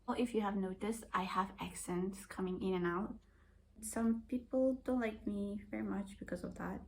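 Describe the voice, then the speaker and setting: Chatting to her camera in a casual, rambling vlog, a woman in her twenties with a blended British-Australian accent is self-deprecating throughout. She speaks at a moderate pace in a medium-pitched voice with fairly even intonation, and a bit of hiss or hum sits in the background.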